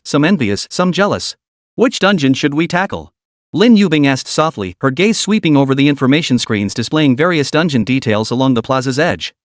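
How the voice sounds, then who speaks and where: A man giving a steady, scripted narration of a fantasy story recap. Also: on the high side, no room sound, clean studio sound.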